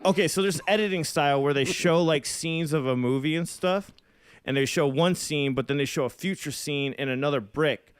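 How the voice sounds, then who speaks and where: A man's voice: a little high, normal speed, clean tone, no room sound. A young man co-hosting a podcast, rambling casually and swearing now and then. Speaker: podcast co-host and musician. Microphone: phone.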